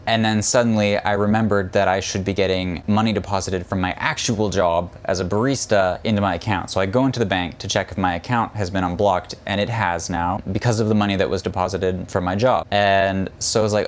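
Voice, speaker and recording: A young man vlogging a story to camera, retelling it in an exasperated, animated way and acting out what people said. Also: sits low, brisk. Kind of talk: storytime vlog.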